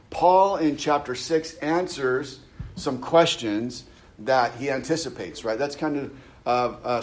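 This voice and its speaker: A man teaches through a Bible passage as a pastor. His voice sits at an ordinary middle pitch, and he talks in a loose, conversational way, checking in with "right?" and circling back on his words. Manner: conversational, with frequent "right?" tags and restarts.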